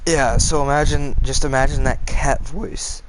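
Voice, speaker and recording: A man narrating a frightening tale in an offhand, conversational way. His voice sits at an ordinary middle pitch. He breaks off into side comments and bends his swearing into mild stand-ins. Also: fairly even intonation, a little slow, noisy background. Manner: casual, swears with softened words, goes off on tangents. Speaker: storyteller reading scary stories. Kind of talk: casual narration of a scary story.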